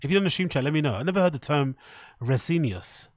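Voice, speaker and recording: A man's voice: fairly high pitch, expressive, quick pace, no echo, studio quality. Man reading aloud and reacting. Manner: reads aloud, stumbles over words, swears often. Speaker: streamer reading an article aloud. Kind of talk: casual live-stream commentary.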